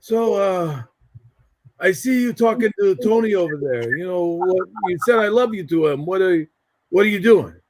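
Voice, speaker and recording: A man voicing an older uncle who sizes up a young man and then warmly approves of him, speaking in a measured, confiding way with pauses. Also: sits high, lively intonation, poor audio. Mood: probing.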